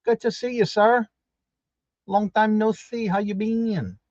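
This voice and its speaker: A man hosting a live stream, warmly greeting each viewer by name in an upbeat, repetitive way. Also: high voice, fairly even intonation, a little slow, no room sound, lo-fi sound. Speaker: livestream host.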